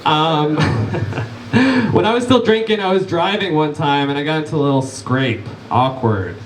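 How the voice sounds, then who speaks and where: Male stand-up in his thirties: quick one-liners and crowd work, voice pitched fairly high, echoey club, mic picked up from afar. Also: animated, slight background noise. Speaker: stand-up comedian. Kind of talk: live stand-up set. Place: comedy club stage, live audience. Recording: echoey club room, distant capture.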